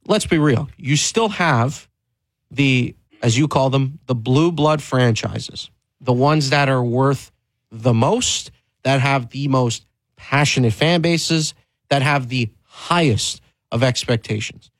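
An emphatic male sports-talk host who speaks his mind bluntly, often restarting phrases and pushing his voice up for stress. His pitch is an ordinary male middle, and the sound is close and dry with no room around it. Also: slow, no room sound, low-quality recording. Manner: emphatic and candid, with frequent restarts and rising stress.

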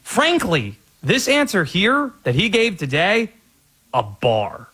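Male sports show host with a slightly high, lively voice who briskly leads into stories. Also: breathy edge. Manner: brisk, segues between topics. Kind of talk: sports talk, reading segment intros.

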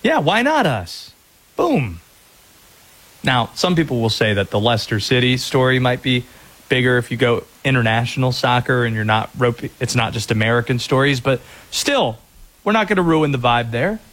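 A man's voice: mid-range voice, big pitch swings, normal speed, fairly bright tone. A man hosting a sports radio talk show, upbeat and joking with callers. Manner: upbeat, joking, laughs easily.

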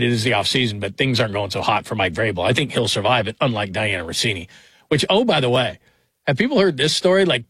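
A man's voice: mid-range voice, a bit bright, husky, no echo. A man hosting a late-night sports talk radio show, chatty and rambling with wry asides. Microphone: studio microphone.

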